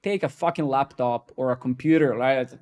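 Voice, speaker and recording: A man streaming live coding from his home desk, talking casually and profanely to chat, quick and excitable with lots of "man" and "bro". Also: mid-range voice. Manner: profane, ranting and joking with chat.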